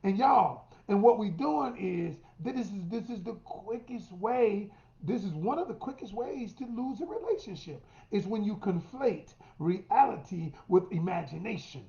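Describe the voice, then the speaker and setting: A man's voice: high-pitched, lively intonation, a little slow, creaky, warm tone. Middle-aged male relationship coach, emphatic and direct to listeners; roomy, dull lo-fi recording. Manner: emphatic, addresses listeners as y'all, acts out quotes. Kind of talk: coaching monologue to women.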